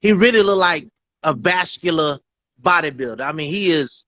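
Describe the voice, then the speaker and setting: Brief: enthusiastic man guest, slightly high voice, live-stream chat. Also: lively intonation, moderate pace, a bit bright. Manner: effusive, enthusiastic. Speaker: guest, dog owner.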